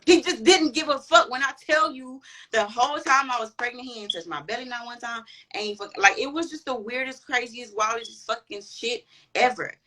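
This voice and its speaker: A woman's voice: a little high, moderate pace, bright, forceful tone, poor audio. A woman guest on a chat podcast telling a personal story candidly, with lots of slang and swearing. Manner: candid, profane, slangy and emphatic.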